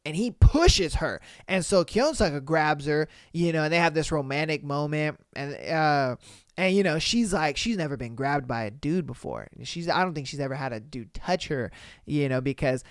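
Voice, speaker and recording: Recapping a drama, this male podcast host rambles casually, his talk full of fillers and slang. His voice is a little high and expressive, at normal speed, in a dry, clean studio recording.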